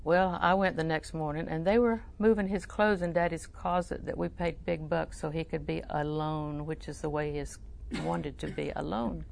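An older woman teaching a sermon through personal stories, talking conversationally and often dropping to a soft, near-whispered voice. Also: deep voice, fairly even intonation, normal speed, creaky, few pauses, slight background noise. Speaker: Christian teacher.

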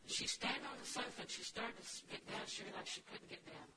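A woman preaching a sermon, shifting between soft, homely storytelling and loud, emphatic declarations. She drops in folksy, humorous asides along the way. Her voice is picked up from well away from the mic, under heavy background noise. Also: on the high side, a little fast, recorded from a distance.

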